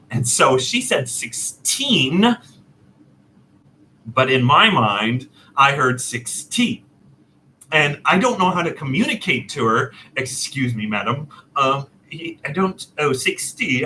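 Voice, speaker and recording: A man casually telling a personal story, animated and self-deprecating, laughing often. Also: fairly high pitch, slight background noise, rough recording. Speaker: storyteller host.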